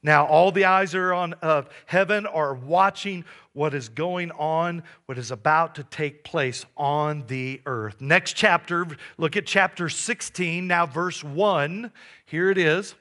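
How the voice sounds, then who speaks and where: A man preaching a sermon, animated, asking his listeners rhetorical questions. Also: on the high side, slow. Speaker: pastor.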